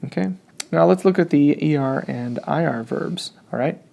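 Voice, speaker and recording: A man's voice: a little high, normal speed, creaky, mellow, a little hiss or hum. A man teaching a Spanish grammar lesson, explaining step by step and checking in often.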